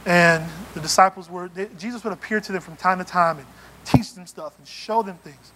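A man preaching a sermon in a church, animated and playful, acting out little scenes as he goes. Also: high-pitched, a little fast, a little hiss or hum. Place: church sanctuary.

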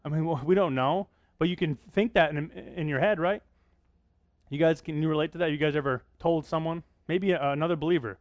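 A male pastor preaches a Bible sermon in a conversational way, often stopping to ask his listeners questions. His voice sits a little high for a man, and the sound is dry and close. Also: quick pace, no room sound. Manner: conversational, asking the congregation questions.

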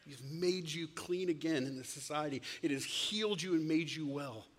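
Husky man preaching in an echoing hall. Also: on the high side, moderate pace. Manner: lively, casual, plays out quoted lines. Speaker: pastor. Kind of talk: conversational sermon. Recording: long hall reverb.

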